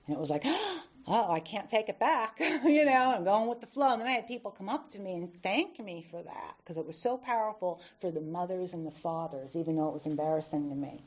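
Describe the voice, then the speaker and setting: Woman, low-ish voice, candid recovery talk at a podium, dull lo-fi recording. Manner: candid, animated storytelling with acted-out quotes. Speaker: AA speaker.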